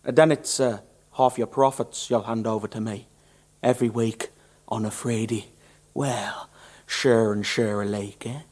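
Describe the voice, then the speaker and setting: A man's voice: lowish voice, steady tone, measured pace, darkish tone. A man with an Irish accent playing a swaggering con-man barber who poses as an Italian in a radio musical drama, with a mocking, wheedling drawl. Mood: menacing.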